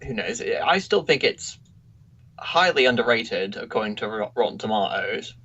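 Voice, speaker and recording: A man co-hosting a casual review podcast, easygoing and a little hesitant, quick to laugh. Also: fairly low pitch, animated, pushed and bright, husky. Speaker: podcast co-host. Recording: dull lo-fi recording.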